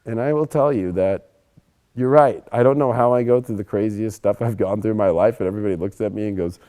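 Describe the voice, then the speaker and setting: A young adult man giving a casual, animated astrology monologue, emphatic and often swearing. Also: lowish voice, brisk. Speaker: astrology presenter.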